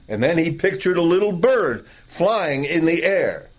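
A man preaches a sermon in a slow, deliberate, earnest way, telling stories to make his point. His voice sits a little high for a man. The recording is dull and lo-fi. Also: very animated, breathy edge.

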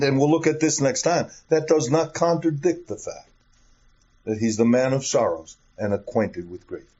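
Slow, emphatic male preacher on a dull recording. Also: on the high side, darkish tone. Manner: emphatic, with rhetorical questions and repeated phrases. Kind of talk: sermon.

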